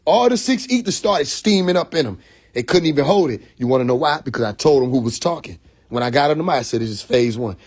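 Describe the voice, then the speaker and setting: A man telling a story on a phone livestream, animated and profane, full of restarts and acted-out quotes. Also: mid-range voice, quick pace, husky. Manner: profane, confrontational. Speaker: livestream host. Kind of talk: casual livestream monologue. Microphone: phone mic.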